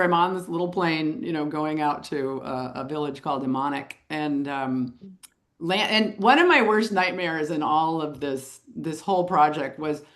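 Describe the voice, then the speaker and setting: As a guest in an interview, a middle-aged photographer and author recounts her story with energy and occasional chuckles. Her voice is on the low side.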